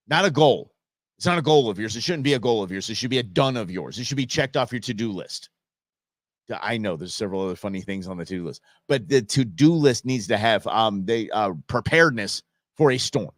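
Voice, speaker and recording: A man's voice: mid-range voice, animated, fairly quick, no echo, clean studio sound. A man hosting a live political commentary show, fired up and sarcastic, often restarting and repeating himself. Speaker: show host.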